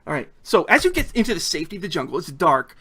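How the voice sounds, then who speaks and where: A man narrating a tabletop game as game master, telling the scene with animated storytelling. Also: fairly high pitch, racing, slightly rough.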